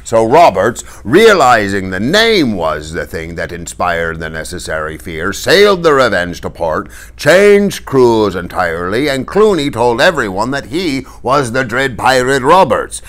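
A man voicing an older pirate captain who speaks briskly and commandingly. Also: mid-range voice, sing-song, fairly bright tone. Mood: confiding. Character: jovial older male pirate captain, blunt.

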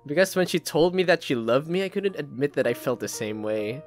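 A man's voice: a little high, animated, a little fast, faint music behind. A man from the Philippines reads a game's narration aloud as a let's play gamer, dramatic, with his own asides in between. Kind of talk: reading game narration aloud with commentary.

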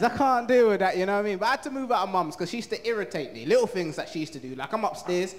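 A man doing an animated stand-up set, telling stories about his family, on a noisy live stage recording. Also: sits high, very fast, few pauses. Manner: animated, storytelling. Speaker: stand-up comedian.

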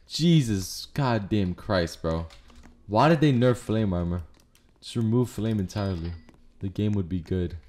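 A man giving casual, profane gameplay commentary as a streamer, excitable and prone to yelling. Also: fairly low pitch, unhurried. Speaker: gaming streamer. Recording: noisy game audio behind.

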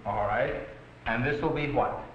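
A male language professor giving a patient, deliberate pronunciation lecture to a class. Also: mid-range voice, slight background noise. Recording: muffled roomy 1960s film soundtrack.

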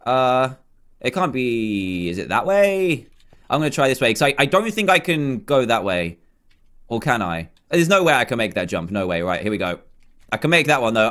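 A man's voice: medium pitch, fairly bright tone. A young man commentating his own game play, chatty, self-mocking and easily flustered. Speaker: gaming YouTuber.

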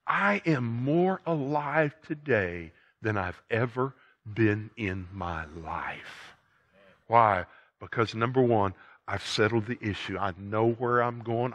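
An older man preaching a sermon as a pastor, folksy and emphatic, rising loud and dropping low.

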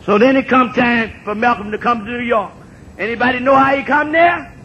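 A man in his sixties gives an impassioned public talk to an audience. He repeats phrases for emphasis and builds up to shouts. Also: fairly quick. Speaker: speaker addressing an audience. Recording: dull lo-fi recording with faint rumble.

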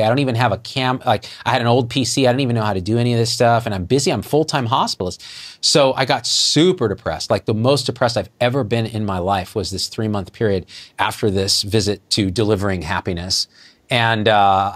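A middle-aged man, a physician guest, telling a story in conversation and acting out the dialogue with lively jumps in his voice. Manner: animated, acts out quoted dialogue with jumps in pitch.

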